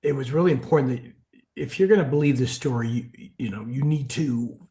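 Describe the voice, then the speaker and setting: An older man who is an author being interviewed, telling stories conversationally and dropping to a hushed tone at the serious moments. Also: medium pitch, a little fast. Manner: animated storyteller, drops to a hushed tone for serious moments. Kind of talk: conversational storytelling.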